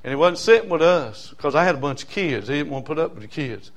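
A man preaching a storytelling sermon, dropping to hushed asides and rising to shouted hollers. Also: fairly high pitch, expressive, fast.

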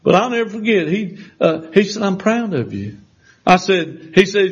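A man's voice: sits high, expressive, normal speed, husky. A man preaching a sermon, telling a personal testimony in a folksy way, with restarts and acted-out quoted voices. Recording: dull lo-fi sound.

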